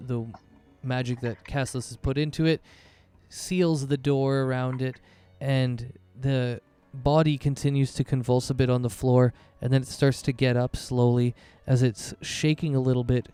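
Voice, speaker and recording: A man's voice: medium pitch, mellow, clear, resonant tone. A man narrating a tabletop game as game master, in loose, chatty narration full of fillers.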